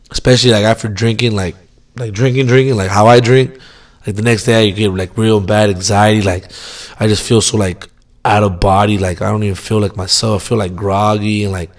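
A young man rambling in a casual vlog monologue, swearing constantly and mocking himself with loose filler-heavy talk. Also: fairly low pitch. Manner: profane, self-mocking, rambling with many fillers. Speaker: vlogger.

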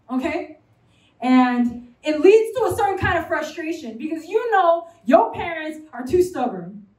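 Speaking at a college fellowship, a young preacher from New York City delivers her sermon with a bright, high voice and lots of animation. She chats and jokes with the crowd; the mic sits at a distance, so the hall echoes around her.

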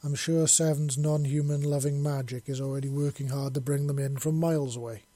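Man voicing a warm, lazy wisp spirit woman. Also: a little high, steady tone, brisk, no echo, close to an everyday voice. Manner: warm, reassuring.

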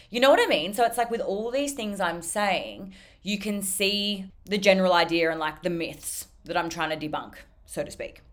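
A young woman hosting a casual solo podcast, blunt and animated, swearing constantly and saying "like" a lot. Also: on the low side. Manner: animated, jumps between loud and soft. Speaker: podcast host.

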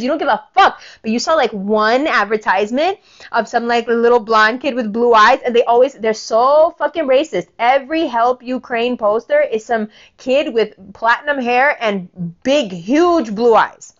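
Angry woman in her 40s ranting, swears a lot, does little voices for people in her story, kinda muffled lo-fi sound. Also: moderate pace. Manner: profane, animated, quotes people in lowered voices. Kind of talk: casual ranting monologue.

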